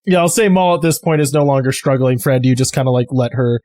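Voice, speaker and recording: A man's voice: mid-range voice, quick pace, mellow, no echo, clean studio sound. A man narrating a tabletop game as game master, casual and chatty with many fillers.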